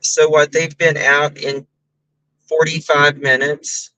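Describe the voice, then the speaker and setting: A man's voice: fairly high pitch, level tone, takes it slowly, bright, forceful tone, muffled recording. A man hosting a casual livestream, chatting through stories and thanking viewers by name for gifted memberships. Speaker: livestream host.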